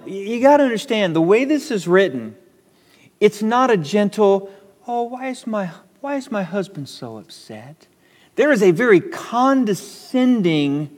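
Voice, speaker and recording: A pastor preaches a sermon in an animated, high voice that swoops up and down with emphasis. He repeats words to press his points, and his voice carries a long church reverb.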